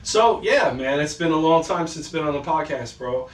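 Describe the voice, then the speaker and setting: A man's voice: on the high side, expressive, moderate pace. A man hosting a podcast, chatting casually and telling loose stories, acting out what other people said. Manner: loose storytelling, quoting people in put-on voices. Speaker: podcast host. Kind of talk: casual chat. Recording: echoey room, far from the mic, faint noise.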